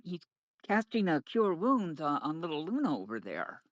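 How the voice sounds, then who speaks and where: A man playing a tabletop game, halting and repeating words as he works things out. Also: fairly high pitch, huge pitch swings, no room sound. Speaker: player. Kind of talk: casual tabletop game chat. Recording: dull lo-fi sound.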